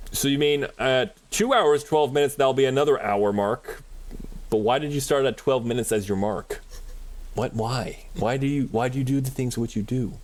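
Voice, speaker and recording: A man streaming a game, chatting casually and rambling with frequent laughs. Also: medium pitch. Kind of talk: casual chat while gaming.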